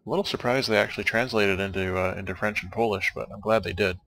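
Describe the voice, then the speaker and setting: Young male let's-player, low gravelly voice with a bright, forward edge, dry, wry rambling commentary. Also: steady tone, quick pace, a little hiss or hum. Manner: wry, dry jokes, meandering asides. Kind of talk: casual rambling commentary over game credits.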